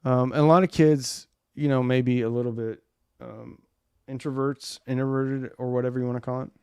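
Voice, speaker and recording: A man's voice: medium pitch, steady tone, moderate pace, dark tone, clear, resonant tone, dry recording. Casual male live-stream host, forties, rambling chat, dry close sound. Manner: rambling, reads viewer comments aloud.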